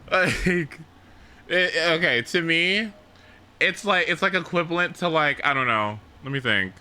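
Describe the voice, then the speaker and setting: A man hosting a casual livestream chat, giggly and animated, breaking into high squealing laughter and exaggerated reactions. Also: slow, pauses often, smooth. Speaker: livestream host.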